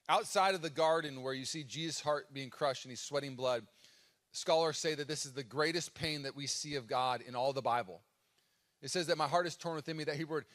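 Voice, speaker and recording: A man's voice: a little high, quick pace. An American man in his thirties, a pastor giving a sermon live in a church, telling stories and acting out his own cries. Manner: animated storytelling with dramatic acted-out cries. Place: church auditorium. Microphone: live stage microphone.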